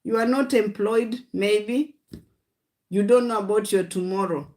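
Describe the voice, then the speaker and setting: In a livestream sermon, a woman preaches in short, repeated exhortations and declarations of faith, often addressing her listeners as "guys." Her voice is medium-pitched and a little mellow, with a measured pace.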